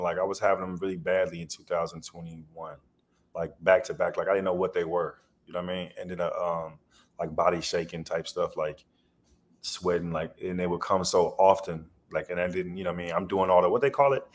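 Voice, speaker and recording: Deep-voiced man telling loose stories. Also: fairly even intonation, a little fast. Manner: loose, rambling storyteller with slang. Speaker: podcast guest, comedian. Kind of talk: casual storytelling interview.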